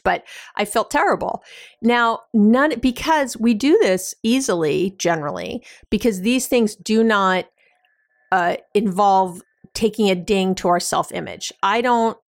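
With a mid-range voice and clean, dry studio sound, this podcast host gives advice conversationally. She relies on everyday examples and sprinkles in plenty of fillers.

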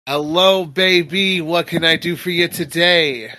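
A man voicing a thin, smug male casino boss with a huge grin during a tabletop game. He speaks in a smooth, taunting way. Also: on the high side, unhurried, bright, forceful tone, no room sound.

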